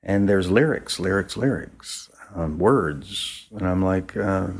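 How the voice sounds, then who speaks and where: A man's voice: low voice, animated, takes it slowly, creaky, few pauses. A man from the American South, a photographer, casually telling a long anecdote and acting out what others said. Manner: rambling storyteller who acts out quoted speech. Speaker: photographer guest.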